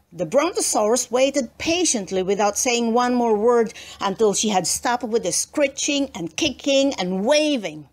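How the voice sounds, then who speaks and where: A woman reading a children's storybook aloud in a slow, expressive storytelling manner. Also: a little high. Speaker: read-aloud book narrator.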